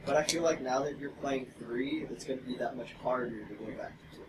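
A young man co-hosting a gaming podcast, joking in a dry, low-key way. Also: brisk. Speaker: podcast co-host. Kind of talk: casual chat. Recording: distant mic with loud background noise.

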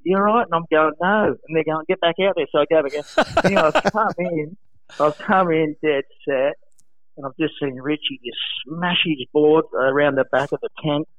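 A man, a former pro surfer, telling animated anecdotes in casual chat, acting out voices and laughing often. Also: a little high, normal speed, dry recording. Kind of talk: casual storytelling. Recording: dry, phone-like narrow sound.

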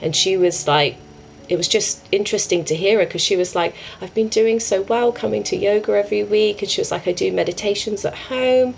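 A woman's voice: medium pitch, a little fast, vocal fry, slight background noise, poor audio. A young adult woman, a yoga and meditation teacher, talking earnestly and rambling with many restarts as she tells a story. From England. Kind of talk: conversational storytelling.

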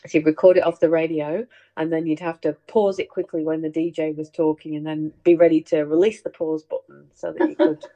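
Middle-aged female host, lowish mellow voice, animated storyteller. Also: fairly quick, lo-fi sound. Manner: chatty, animated, laughs through anecdotes. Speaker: host sharing family memories. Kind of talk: casual storytelling chat.

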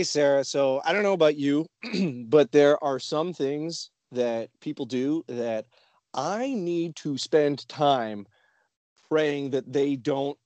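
The recording is dry, and this male podcast co-host has a mid-range voice. In casual chat he tells stories with animation, acting out what people said.

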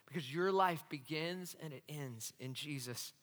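High, bright-voiced preaching man. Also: measured pace, big-room sound. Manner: animated preaching with rhetorical questions to the congregation. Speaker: pastor. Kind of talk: sermon. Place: church hall.

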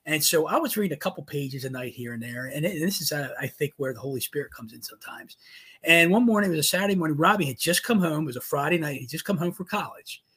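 A middle-aged man with a slightly husky, higher-than-usual voice recounts a family story as co-host. He talks casually and earnestly, animated as he acts out what was said. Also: fast. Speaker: father and co-host.

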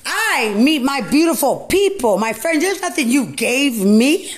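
A woman, a mother, delivering an angry, profane rant that keeps circling back to the same accusations and often breaks into shouting. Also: sits high, sing-song, measured pace, husky. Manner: furious, accusing, repetitive, swings into shouting.

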